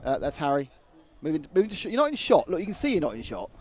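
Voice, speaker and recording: Lively, joking male race commentator. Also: on the high side, racing. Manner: jokey, chatty, lively. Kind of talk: live broadcast banter.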